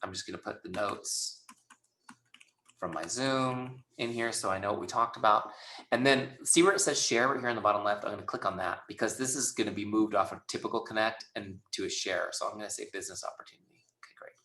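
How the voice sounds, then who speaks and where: A man's voice: lowish voice, brisk, sharp tone, echoey room. A man running a webinar training, talking casually and acting out both sides of conversations. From Southern California. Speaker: sales trainer.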